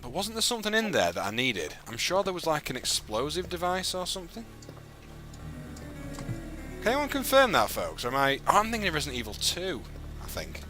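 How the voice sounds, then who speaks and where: A man's voice: on the high side, a little fast, faint music behind. A young man hosting a live game stream, chatting and joking with a co-host and viewers. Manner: chatty, jokey, lively delivery. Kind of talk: live gameplay chat.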